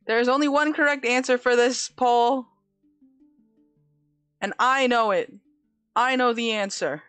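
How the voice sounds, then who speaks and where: A woman's voice: fairly high pitch, fairly even intonation, unhurried, fairly bright tone, dry recording, soft background music. A woman streaming live, chatting casually with viewers in a giggly, dramatic way, laughing often.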